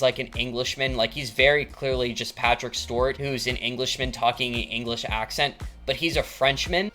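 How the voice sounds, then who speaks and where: A young man giving a casual, animated episode recap, talking loosely with many filler words. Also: mid-range voice. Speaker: TV episode reviewer.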